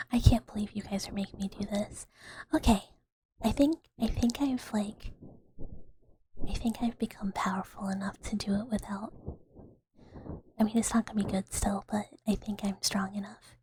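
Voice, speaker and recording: A woman streamer chatting in a soft ASMR whisper, rambling and giggling with many fillers. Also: medium pitch, fairly even intonation, normal speed, pauses often, slight background noise, poor audio.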